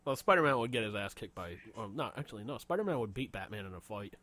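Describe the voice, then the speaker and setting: A man's voice: lowish voice, animated, fast talker, bright, forceful tone. A man co-hosting a casual podcast chat, rambling, swearing a lot and laughing often. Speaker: podcast co-host.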